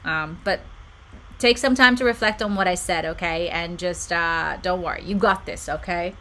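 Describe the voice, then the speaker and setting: Bright-voiced woman giving soothing advice. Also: lowish voice, moderate pace, slight background noise, rough recording. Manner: warm, reassuring, reads viewer comments aloud. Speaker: spiritual channel host. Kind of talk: live-stream reading and advice.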